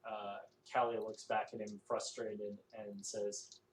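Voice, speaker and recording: Male game master, slow halting narration, echoey room, faint background hiss. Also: lowish voice, level tone. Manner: halting, many fillers.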